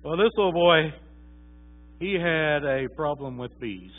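A man's voice: fairly high pitch, measured pace. A man preaching a sermon, telling a story in a folksy, conversational way with many fillers. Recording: tinny phone-like sound.

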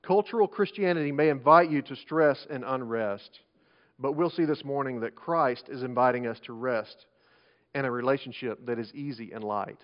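A man's voice: medium pitch, normal speed. Preaching man, lo-fi recording. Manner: conversational preaching with frequent restarts and swings between loud and soft. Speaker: pastor. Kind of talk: sermon. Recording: dull lo-fi sermon recording.

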